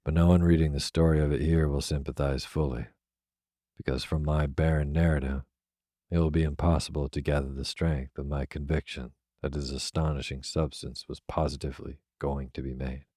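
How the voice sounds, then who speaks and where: Very deep male voice, monotone, mellow, dry close recording, slow bedtime storytelling. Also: no room sound. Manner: soft, even, unhurried delivery. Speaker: narrator. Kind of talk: slow, soothing sleep-story reading.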